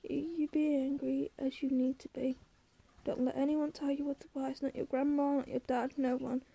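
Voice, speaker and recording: A gravely ill mother speaks gently and tenderly, her high voice mellow and even, at times breaking into tears. She sounds worn out and pleading, as a woman reads her part. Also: moderate pace. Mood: fierce. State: crying in places.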